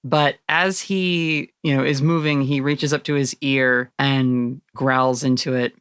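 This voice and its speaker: A woman acting as game master, narrating a tabletop role-playing game in a lively way and laughing often. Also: rumbling low, slow pace, hardly any pauses, smooth, dry recording, studio quality.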